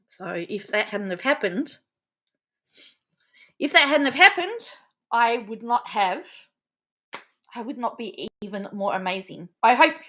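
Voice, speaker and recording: A woman's voice: on the high side, expressive, a little slow, pauses often, a bit bright. A middle-aged woman talking casually on a live stream, emotional, laughing often and repeating herself. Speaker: vlogger.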